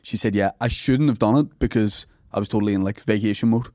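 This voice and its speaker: A man's voice: on the low side, quick pace, a little mellow, dry recording, studio quality. An Irish man, a comedian hosting a podcast, telling a self-deprecating anecdote in casual chat. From Ireland.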